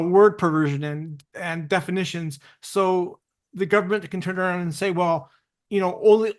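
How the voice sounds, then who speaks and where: A high-pitched man co-hosting a casual podcast. He works through his point in halting stops and starts and repeats words as he goes. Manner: halting, repeats words while building an argument. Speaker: podcast co-host and producer.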